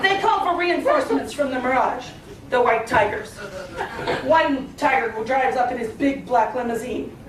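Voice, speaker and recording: High-voiced woman telling a tall tale. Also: normal speed. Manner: theatrical, lively delivery. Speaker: speaker. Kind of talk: humorous tall-tale speech. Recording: echoey hall from far, noisy.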